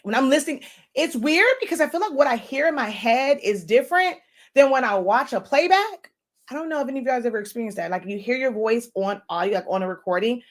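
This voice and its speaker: A woman in her thirties, an online design instructor, giving a casual, chatty lesson, talking fast with laughs between phrases. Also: on the high side. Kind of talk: casual teaching talk.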